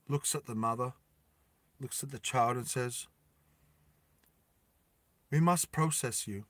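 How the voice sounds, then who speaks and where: A man narrates a dramatic story at an unhurried, deliberate pace, repeating phrases for emphasis. His voice is bright and forward, recorded dry and close. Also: mid-range voice, clean tone, no echo.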